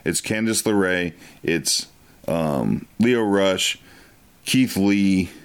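A young man co-hosting a wrestling show, recapping past events in a relaxed way with many filler words. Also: deep voice, very slow, clear, resonant tone. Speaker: wrestling promotion co-host. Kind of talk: casual commentary over match footage.

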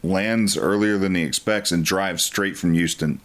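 A young man co-hosting a wrestling show, recapping past events in a relaxed way with many filler words. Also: low-pitched, unhurried. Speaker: wrestling promotion co-host. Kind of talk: casual commentary over match footage.

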